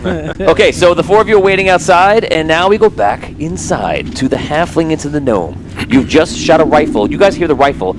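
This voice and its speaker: A man's voice: a little high, lively intonation, moderate pace, noisy background. A man narrating a tabletop game as game master on a live stream, rambling with many restarts.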